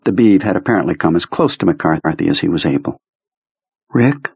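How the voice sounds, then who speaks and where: A man narrating an audiobook in a measured, low-key storytelling manner. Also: creaky, a little mellow, breathy edge, no room sound. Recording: dry, slightly muffled recording.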